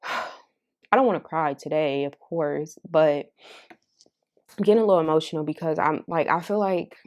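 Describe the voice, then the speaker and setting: A woman's voice: sits low, dark tone. A woman reading tarot cards for her viewers in a casual, candid and heartfelt way, with some swearing. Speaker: tarot card reader.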